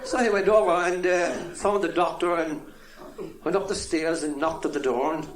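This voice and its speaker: A man with a Cork Irish accent telling jokes to a live audience, jumping into high shouted voices for the people in his jokes. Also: steady tone, moderate pace. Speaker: comedian. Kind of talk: live stand-up joke telling. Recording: echoey live venue with laughing crowd, worn tape copy.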